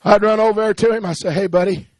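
A man preaching a sermon, swinging from hushed pleading to rising, shouted cadences. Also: sits high, steady tone, fast talker, no room sound.

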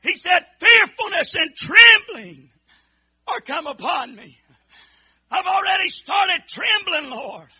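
A man preaching an impassioned sermon, pleading fervently and rising into shouted cries. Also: very high voice, expressive, slow pace.

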